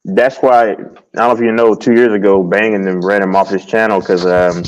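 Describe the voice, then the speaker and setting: A man's voice: fairly low pitch, fairly even intonation, brisk, low-quality recording. A man hosting casual sports talk, rambling with many restarts and repeated words.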